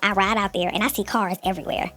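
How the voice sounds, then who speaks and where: A woman telling a story in a lively chat, quick and animated, acting out the people in it. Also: medium pitch. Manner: lively, quick, acts out voices in her story. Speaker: co-host telling her story.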